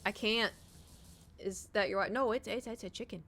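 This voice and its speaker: A woman's voice: mid-range voice, moderate pace, a little hiss or hum. A woman streamer chatting casually while she plays, rambling and swearing as she tells stories. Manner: rambling, profane, animated storytelling. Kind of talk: casual chat while gaming.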